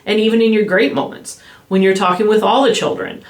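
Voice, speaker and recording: A woman specialist in children's behavior explaining calming strategies in a podcast interview, slowing down gently when she models soothing phrases. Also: mid-range voice. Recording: echoey room with faint ambience.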